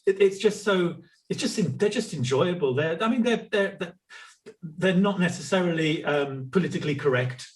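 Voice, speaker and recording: A man's voice: sits high, lively intonation, moderate pace. Encouraging host on a video call, sounding a bit distant from his mic. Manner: encouraging, stumbling restarts. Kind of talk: casual video-call interview.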